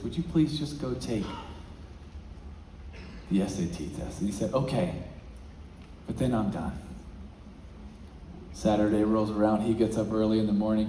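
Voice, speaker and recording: A man giving a motivational talk as a featured speaker, telling a story and swinging between hushed and loud, excited passages. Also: lowish voice, a little hiss or hum. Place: large event hall. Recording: echoey hall.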